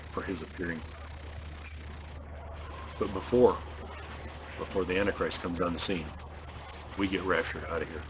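A man speaking earnestly in a religious vlog monologue, halting and stressing words. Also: low-pitched, noisy background. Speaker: video host.

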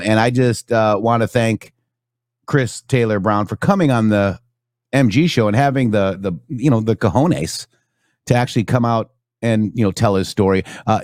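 A man's voice: fairly low pitch, a little mellow, no room sound, studio quality. A man hosting a political talk show, talking casually and rambling with many fillers. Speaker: show host.

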